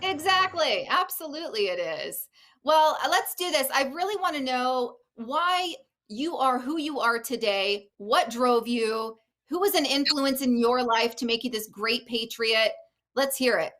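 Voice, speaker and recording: Female talk host, casual and talkative, crisp bright tone. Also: high voice, animated, a little slow. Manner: chatty, laughs often, reads live comments. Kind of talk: casual live show chat. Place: Oregon.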